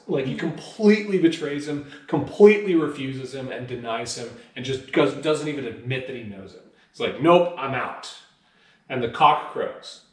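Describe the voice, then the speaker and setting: A man preaching a conversational sermon, telling a story in a casual, everyday way. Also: mid-range voice. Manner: casual storytelling, voices quoted lines animatedly. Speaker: pastor. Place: church. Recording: roomy, picked up from a distance.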